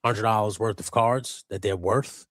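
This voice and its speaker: Low-voiced guy cussing through a story on a live stream, dry close sound. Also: measured pace, dry recording. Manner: profane, animated storyteller. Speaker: co-host of a live customizing stream. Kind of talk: casual chat, storytelling.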